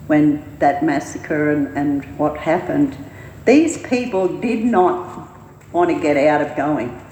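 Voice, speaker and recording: A woman's voice: deep voice, a little hiss or hum. A woman giving an informal sermon at a church meeting. She rambles and hesitates, with many fillers and restarts. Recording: roomy hall reverb, faint ambience.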